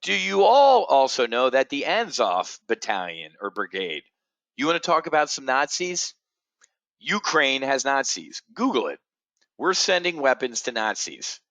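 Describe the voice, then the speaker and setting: A middle-aged man hosting an options trading show, ranting in a blunt, profane, sarcastic way that swings from low muttering to loud outbursts. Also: very animated, a little slow, vocal fry, dry recording. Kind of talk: ranting monologue.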